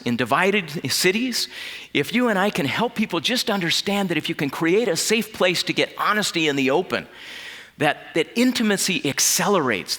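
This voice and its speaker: A man giving an earnest keynote speech, telling personal stories and sometimes dropping to a hushed voice. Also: fairly high pitch. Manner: earnest, drops to a hushed voice in emotional passages. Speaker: keynote speaker. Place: conference hall. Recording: long hall reverb.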